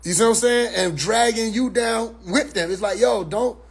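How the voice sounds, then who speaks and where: High, husky-voiced man talking animatedly. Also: moderate pace. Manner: animated, repeats words as he restarts. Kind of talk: casual spoken monologue.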